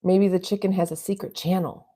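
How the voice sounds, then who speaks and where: Brief: chatty stream host, woman, rambling and relaxed, low warm tone. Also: brisk. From US West Coast. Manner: rambling, chatty, laughs often. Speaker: livestream host reading chat. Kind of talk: casual live chat.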